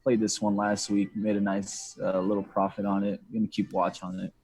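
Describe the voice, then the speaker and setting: A man calling in from a coffee shop to a trading stream, his voice mellow and a little husky. He runs through his picks in an easygoing, brisk way. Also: lowish voice, monotone, dry recording. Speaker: guest trader on the stream. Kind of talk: casual chat and trade rundown. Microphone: remote call audio.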